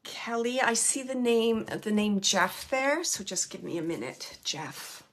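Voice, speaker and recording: A middle-aged woman with a bright, clear tone, talking her way through a psychic reading. She chats loosely and keeps passing along messages. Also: fairly high pitch, animated, unhurried. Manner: chatty, relays spirit messages in quotes. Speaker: psychic medium. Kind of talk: live mediumship reading.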